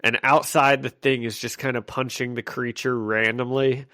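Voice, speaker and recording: A man's voice: mid-range voice, flat delivery, moderate pace, bright, forceful tone. Chatty laughing podcast co-host man. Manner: chatty, laughs often, hedging restarts. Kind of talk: casual comic recap chat.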